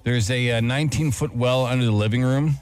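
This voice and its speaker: A male radio host telling stories in casual banter, laughing often and jumping into a high register for emphasis. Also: fairly quick, darkish tone, smooth, faint music behind. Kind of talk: casual morning show banter.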